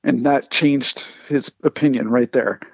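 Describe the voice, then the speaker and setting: A man, a comic artist, telling animated anecdotes in casual conversation and acting out the people he quotes. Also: mid-range voice, unhurried, gravelly, slightly rough, no room sound, dull audio. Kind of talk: casual storytelling.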